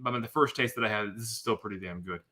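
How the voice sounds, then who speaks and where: A man's voice: fairly low pitch, racing. A man co-hosting a live whiskey tasting, talking in casual, joking banter. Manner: joking, animated and talkative.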